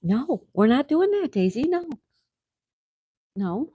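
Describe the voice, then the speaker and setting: A woman hosting a casual live chat, greeting viewers by name and gently scolding her dog, with a sore throat coming on. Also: sits high, very animated, slow, pauses often, husky, no echo. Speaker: livestream host.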